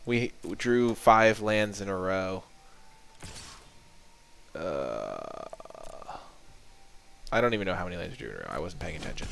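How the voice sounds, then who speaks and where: A man's voice: low-pitched, lively intonation, measured pace, gravelly, pauses often, fairly bright tone. A man giving live commentary on a card game he is playing. He chats to the game and his opponent, and he breaks into melodramatic outbursts when his luck turns. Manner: chatty, talks to the game and opponent. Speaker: card game video creator.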